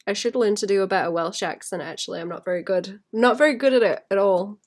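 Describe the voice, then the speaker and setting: A woman talks casually while she draws on a stream. Her voice sits at a middle pitch. She rambles, thinks aloud and often breaks into soft laughs. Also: quick pace. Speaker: illustrator streaming while drawing. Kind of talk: casual chat while drawing.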